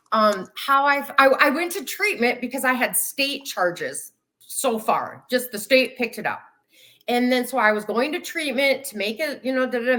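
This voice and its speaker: A woman guest telling her own story in a casual, animated way over a video call, acting out the voices of people she quotes. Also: medium pitch.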